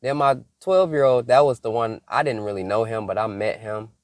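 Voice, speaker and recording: A young man from Michigan telling a casual story as a faith vlogger, animated, laughing often and breaking into mock-scolding asides. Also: fairly low pitch, fairly quick, no echo, studio quality.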